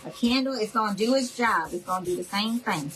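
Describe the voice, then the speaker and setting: A woman's voice: mid-range voice, animated, brisk, a bit bright, low-quality recording. Chatty woman crafting live. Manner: chatty, folksy, talks straight to viewers. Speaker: craft video host. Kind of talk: casual livestream crafting chat.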